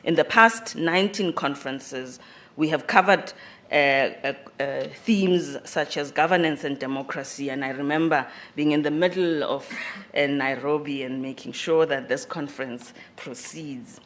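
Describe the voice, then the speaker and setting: A speaker with a squeaky voice gives a formal welcome address in a university conference hall. The delivery halts often, with fillers and repeated words. The voice climbs louder and higher on the phrases being stressed. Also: normal speed, a little hiss or hum. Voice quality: self-described squeaky voice. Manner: rises in pitch and volume on emphasized phrases. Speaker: conference host speaking for the organizers.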